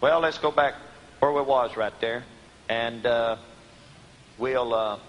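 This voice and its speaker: A man preaching a sermon, asking his listeners questions and answering them himself, swinging from emphatic outbursts to quiet, low asides. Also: slow pace, muffled recording. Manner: rising to emphatic shouts on key words, then dropping low. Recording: long hall reverb.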